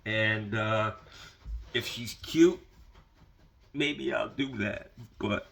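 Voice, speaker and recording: A man's voice: lowish voice, extremely slow, vocal fry, a bit bright, slight background noise. A man ranting casually into the camera, profane and rambling, with lots of fillers. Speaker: vlogger.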